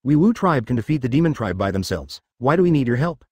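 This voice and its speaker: A man reading the lines of a proud, blunt male witch warrior in an even, machine-like way. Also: mid-range voice, fast, slightly rough, dry recording.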